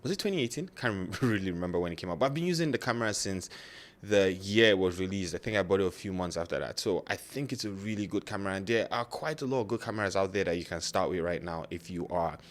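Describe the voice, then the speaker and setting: Man with a very low voice and a non-native English accent, loose and chatty, full of fillers and self-corrections, a gear vlogger talking straight to camera. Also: fairly bright tone. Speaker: photography YouTuber. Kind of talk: casual talk to camera.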